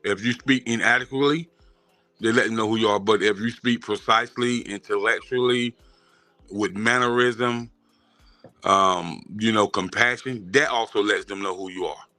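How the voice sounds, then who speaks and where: A man speaking as a guest in a casual interview, hesitant and halting as he searches for words. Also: lowish voice, fairly even intonation, sharp tone, no room sound.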